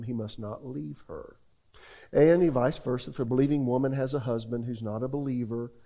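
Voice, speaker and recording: A middle-aged pastor, talking to his congregation in a loose, folksy way. His voice sits at an everyday pitch with a warm, dark tone, and he tells lively stories full of quick asides. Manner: folksy, animated storytelling with rhetorical questions. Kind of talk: conversational sermon Q&A.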